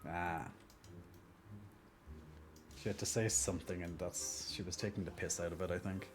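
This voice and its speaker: A man's voice: low-pitched, steady tone, normal speed. A male streamer chatting casually while gaming, rambling and self-mocking, on a desk mic beside a clicky mouse. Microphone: desk mic near a clicky mouse.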